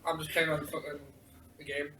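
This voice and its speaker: A man's voice: a little high, level tone, brisk, bright, forceful tone, slight background noise. A man playing a tabletop game, joking and swearing casually. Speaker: player. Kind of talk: casual chat. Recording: echoey room, far from mic.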